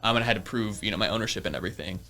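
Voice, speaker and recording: Young man in his twenties, podcast guest, bright forceful voice, chatty storyteller who laughs a lot. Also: on the low side, very fast. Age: early 20s. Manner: chatty, laughs often, many fillers. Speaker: real estate investor guest. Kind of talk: casual storytelling interview. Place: podcast studio.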